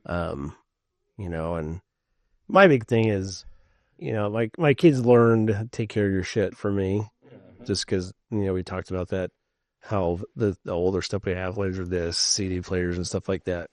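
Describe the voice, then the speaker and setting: A middle-aged man co-hosting a casual podcast chat, telling stories in an animated way and swearing freely. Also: low-pitched, moderate pace, no room sound. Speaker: podcast co-host.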